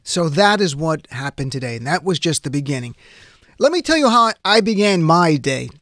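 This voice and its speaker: A man hosting talk radio, his voice sitting a little high for a man. He talks in an earnest, subdued and emotional way. The studio sound is dry and close. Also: very animated, normal speed, fairly bright tone, dry recording. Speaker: radio talk show host. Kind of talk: live radio monologue. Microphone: studio microphone.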